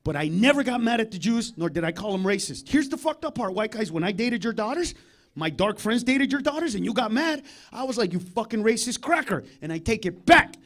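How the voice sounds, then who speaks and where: A man with a strikingly high voice works a comedy club stage on a handheld mic. He is loud, foul-mouthed and combative with the audience, swinging between hushed asides and full-throated shouting. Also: expressive, fairly quick. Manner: loud, profane, confrontational with the crowd, swings from low mutter to shouting. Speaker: stand-up comedian. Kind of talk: live stand-up routine.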